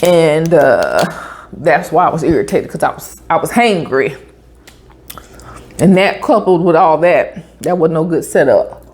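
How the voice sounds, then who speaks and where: Lively, chatty woman. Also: sits low, unhurried. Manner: chatty, animated storytelling with asides like "honey" and "baby". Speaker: vlogger. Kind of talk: casual storytelling while eating.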